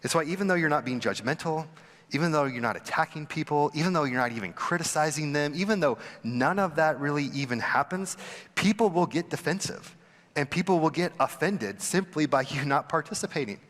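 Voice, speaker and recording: A young adult man, a pastor giving a conversational sermon, who acts out quoted people with sudden jumps in pitch. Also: animated, brisk, a bit bright. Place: church sanctuary. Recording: long hall reverb.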